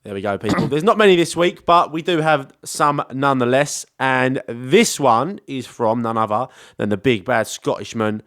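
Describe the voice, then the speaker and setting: A man's voice: mid-range voice, normal speed, few pauses, fairly bright tone, no room sound, clean studio sound. A man in his twenties co-hosting a podcast, joking and laughing through casual chat. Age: 20s. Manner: giggly, teasing banter. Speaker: podcast co-host.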